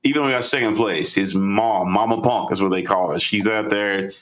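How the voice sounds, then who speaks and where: A man co-hosting a podcast, retelling a story in an animated, casual way. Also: on the low side, fairly quick. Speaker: podcast co-host.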